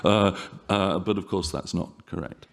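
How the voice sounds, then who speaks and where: A man giving an academic seminar lecture in a measured way, with frequent fillers and self-corrections. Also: deep voice, fairly even intonation, gravelly.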